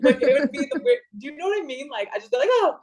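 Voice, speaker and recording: A woman in her forties chatting as a podcast guest, rambling and animated, with sudden excited bursts. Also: high-pitched, rapid-fire, low-quality recording. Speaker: podcast guest, actor and producer. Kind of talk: casual interview chat.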